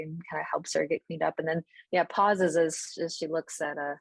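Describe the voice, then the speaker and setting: A woman game master sets the scene at a tabletop game, relaxed and descriptive, her voice a little low. The sound is dry and close. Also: normal speed, vocal fry, hardly any pauses, no room sound, poor audio.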